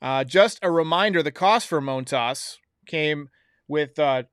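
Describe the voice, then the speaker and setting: A man's voice: on the high side, a little slow, a bit bright, clear, resonant tone, no room sound, clean studio sound. A man hosting a baseball recap show, giving blunt, opinionated commentary straight to his viewers. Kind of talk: solo sports recap commentary.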